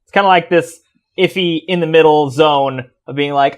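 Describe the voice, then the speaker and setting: A man co-hosting a podcast, improvising a comedy product pitch in a dry, matter-of-fact way. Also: normal speed, clean tone. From United States. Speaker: podcast co-host.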